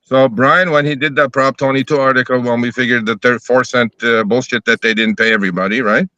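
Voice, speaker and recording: Man for a casual live chat: bright voice, swears a lot, acts out both sides of his stories. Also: medium pitch, a little fast, no room sound, highs cut off. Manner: profane, animated storytelling, acting out both sides of conversations.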